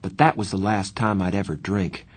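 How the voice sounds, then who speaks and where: A man reading a novel aloud as the first-person narrator, in plain, steady storytelling. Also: deep voice, moderate pace, slightly rough. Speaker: audiobook narrator.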